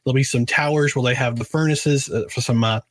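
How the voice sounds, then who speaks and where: A man's voice: mid-range voice, steady tone, fast talker, dry recording. A man hosting a casual podcast talk show, chatting loosely with many restarts while he drinks a beer. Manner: rambling, lots of restarts. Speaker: podcast host.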